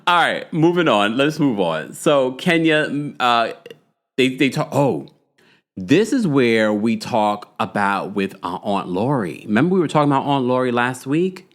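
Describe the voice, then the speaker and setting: A man's voice: medium pitch, measured pace. A man hosting a live reality TV recap stream, chatting casually and reading out viewer comments. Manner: chatty and animated, with frequent fillers and asides to viewers. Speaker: host of a reality TV recap livestream.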